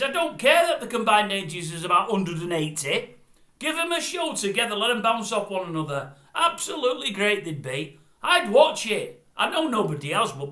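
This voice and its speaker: An older man rants bluntly into the camera in a high, bright voice, grumbling and rambling from one pet hate to the next. The room around him is roomy and echoey. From Britain. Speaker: vlogger. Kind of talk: opinionated monologue to camera. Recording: roomy echo.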